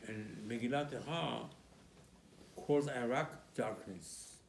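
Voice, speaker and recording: This rabbi's Purim sermon comes slowly, in a medium-pitched voice with vocal fry, as he emphatically recounts the tale and acts out dialogue among biblical characters. There's slight background noise and the room echoes.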